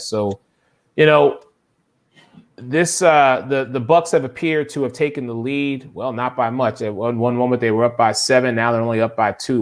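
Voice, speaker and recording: A man hosts a live sports talk show in a casual, animated way. His voice sits at a middle pitch, and he exclaims and fires questions at his panel. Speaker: podcast host.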